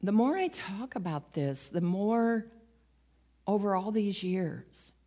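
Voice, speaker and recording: A woman's voice: mid-range voice, takes it slowly. A woman giving a conversational sermon, retelling stories with acted-out quotes and a light, self-mocking humor. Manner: lively storytelling, acts out quoted voices, laughs at herself. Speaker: preacher.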